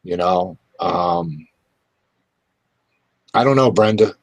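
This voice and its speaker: Male talk host; slow, irritated delivery full of fillers, dry sound. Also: sits low, gravelly, no room sound. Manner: irritated, halting, many fillers. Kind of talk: casual political talk.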